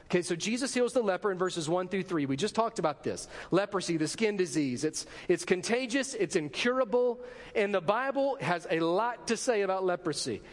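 A man's voice: sits high, expressive, brisk, long reverb tail. A man preaching a sermon as pastor, asking rhetorical questions and acting out short quotes.

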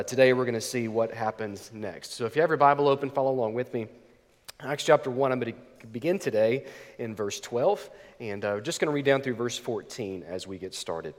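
A male pastor with a stuffy, nasal voice from a cold, preaching a sermon with chatty asides and frequent fillers. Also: mid-range voice. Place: church sanctuary. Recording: long reverb in a church hall.

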